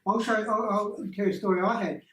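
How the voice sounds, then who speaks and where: Man, animated storyteller, roomy room, distant mic. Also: sits high, fast, a little hiss or hum. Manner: animated storyteller who acts out voices. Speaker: energy healing workshop presenter. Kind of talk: casual teaching talk to a small group.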